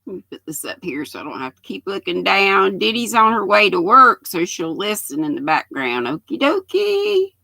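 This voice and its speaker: Her voice is fairly low with lively intonation, vocal fry, and a sharp tone, moving at a moderate pace with few pauses in a dry recording. This older North Carolina woman with a Southern accent hosts a relaxed livestream, folksily welcoming each viewer by name.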